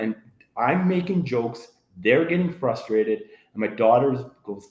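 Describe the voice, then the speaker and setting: A man's voice: on the low side, animated, a little fast, a little mellow. A middle-aged man telling a story as a podcast guest, rambling with many fillers and acting out what his family said. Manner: rambling, full of fillers, acts out quoted family voices. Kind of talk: casual storytelling. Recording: roomy echo.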